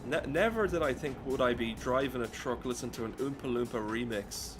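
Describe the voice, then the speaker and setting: A man's voice: medium pitch, fairly quick, music in the background. An Irish man streaming a driving game at home, ranting in a rambling, profane way. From Ireland. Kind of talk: casual gameplay commentary.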